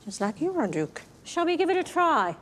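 A warbling, gushing 1960s TV cook. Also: female voice, high-pitched, very animated, a little fast, a bit bright, slight background noise. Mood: chipper. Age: 50s. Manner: warbling, theatrical, drops French phrases. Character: cheerful tall female TV cook, 50s, exuberant. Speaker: cooking show guest. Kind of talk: 1960s television drama acting.

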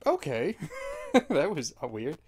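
A man giving let's play commentary, rambling with deadpan absurd jokes. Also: fairly high pitch, slow pace. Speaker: gamer.

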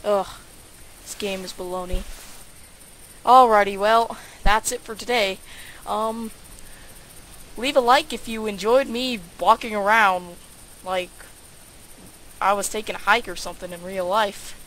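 A woman's voice: mid-range voice, fairly even intonation, a little slow, long pauses, fairly bright tone, a little hiss or hum, low-quality recording. A woman giving casual, sarcastic let's-play commentary, grumbling and talking to herself as she plays. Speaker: gaming YouTuber.

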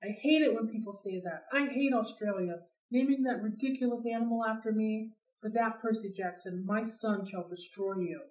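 A woman's voice: mid-range voice, moderate pace, a little mellow, natural voice. A woman voicing a cruel, gloating snake-woman who is mother of monsters, in a mock-sweet, hissing manner. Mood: menacing. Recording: roomy sound, distant from mic.

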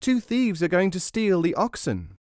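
A man voices a tiny, eager boy in a storybook tale, pitching his voice above his natural register so it sits high and sing-song, slightly mellow, at normal speed. The recording is dry with clean studio sound.

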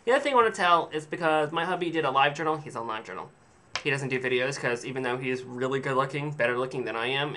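A man's voice: mid-range voice, bright, forceful tone, slight background noise. A man telling a rambling, sarcastic story to camera in a casual vlog, swearing freely. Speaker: vlogger.

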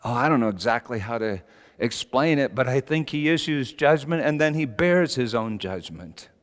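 A man's voice: medium pitch, expressive, normal speed. Middle-aged male pastor, passionate storyteller, big swings; large church hall, long reverb. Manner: passionate, storytelling, rising to shouts. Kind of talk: sermon.

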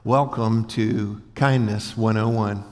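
A man's voice: lowish voice, steady tone, slow pace, a little mellow. Man, pastor; casual joking sermon, calls on the crowd to repeat lines, big echoey church. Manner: folksy, joking, asks the congregation to repeat after him. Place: large church hall before a congregation.

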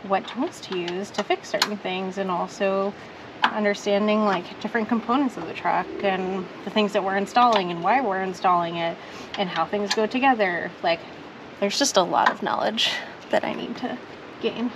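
A woman's voice: medium pitch, normal speed, background noise. Curious woman chatting in a driveway. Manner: curious, encouraging, lots of short acknowledgements. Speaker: vlog co-host, learner. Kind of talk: casual chat.

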